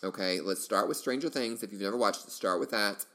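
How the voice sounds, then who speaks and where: A middle-aged man with a very low voice hosts his own podcast alone. He rambles in an easygoing, enthusiastic way, circling back through fillers and restarts as he goes. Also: a little fast, pushed and bright. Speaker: podcast host. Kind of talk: casual solo podcast chat.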